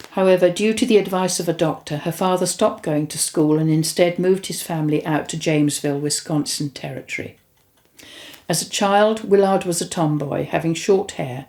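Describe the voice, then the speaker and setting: Older woman with a gravelly voice. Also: low voice, darkish tone. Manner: chatty, rambling, with self-corrections. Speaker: host recounting spiritual experiences. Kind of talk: casual storytelling and reading aloud.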